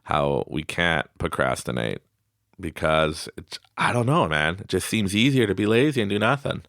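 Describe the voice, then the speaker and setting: A man's voice: low voice, very animated, normal speed, creaky, fairly bright tone, dry recording. A man hosting a motivational podcast in a studio, talking casually, laughing often and acting out the voices he quotes. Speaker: podcast host.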